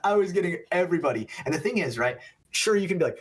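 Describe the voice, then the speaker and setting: A young man, a game referee, chatting on a podcast as an animated storyteller who swears and laughs a lot. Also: fairly high pitch, fast, husky. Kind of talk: casual chat.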